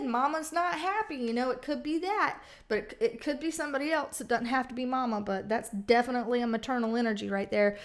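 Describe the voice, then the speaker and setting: High-voiced blunt tarot-reading woman. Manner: blunt, profane, chatty. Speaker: tarot reader.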